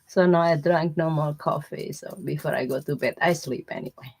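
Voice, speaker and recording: A woman's voice: deep voice, normal speed, gravelly, husky. A woman hosting a tarot live stream. She chats casually with viewers, telling everyday stories in broken English and answering people by name. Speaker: tarot reader host.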